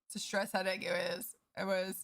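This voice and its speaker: A woman's voice: mid-range voice, level tone, fairly quick, fairly bright tone. A woman livestreamer chatting casually with her viewers, candid and profane as she vents. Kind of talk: casual chat with stream viewers.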